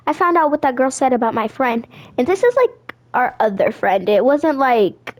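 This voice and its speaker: A teenage girl telling a sassy, animated story while chatting over her gameplay. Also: on the high side. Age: teens. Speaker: gaming vlogger.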